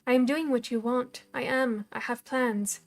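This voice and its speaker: A woman's voice: fairly high pitch, fairly even intonation, normal speed, creaky. A woman reading aloud and voicing a frightened young woman who pleads earnestly and halts over her words. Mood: pleading.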